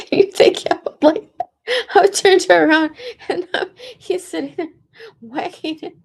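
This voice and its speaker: Speaking slowly in a very high, creaky voice, a woman vlogger rambles loosely through a long personal story. She laughs frequently, trails off and starts again, and says "like" over and over.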